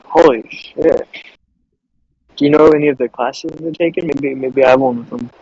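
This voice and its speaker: A man's voice: mid-range voice, fairly even intonation, moderate pace, darkish tone, dull audio. A man playing a tabletop game in a laid-back, slangy way. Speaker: player. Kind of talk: casual in-character play.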